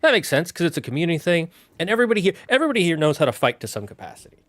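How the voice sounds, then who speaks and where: A man's voice: on the high side, big pitch swings, fairly bright tone, no room sound. Man thinking aloud on a solo stream. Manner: thinking aloud, halting and restarting. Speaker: streamer building a fantasy world. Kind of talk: casual solo stream chat.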